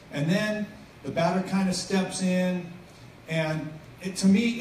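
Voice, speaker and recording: A man's voice: a little high, darkish tone. A middle-aged man giving a casual, joking sermon as a guest speaker, chatty and self-interrupting. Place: church venue. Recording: echoey hall from far off, faint noise.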